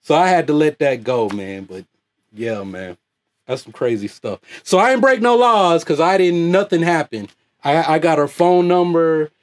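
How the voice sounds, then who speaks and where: A man with a high, lively voice rants loudly and off the cuff as host of his own online channel. He swears freely and laughs often as he talks. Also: moderate pace. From United States. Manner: loud, animated, laughs often. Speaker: YouTube host. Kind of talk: profane off-the-cuff rant.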